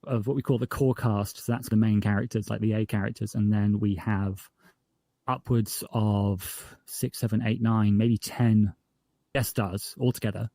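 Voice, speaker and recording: A northern English podcast creator chats casually in an interview, often restarting his sentences and getting animated when he tells jokes. His voice is fairly low and moderately paced, recorded with clean studio sound and no echo.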